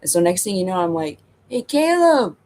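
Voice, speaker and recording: A man's voice: high voice, fairly even intonation, quick pace, a little mellow, slight background noise. A middle-aged man telling a casual story as a channel host, rambling and self-amused, filling his talk with "you know" and "like".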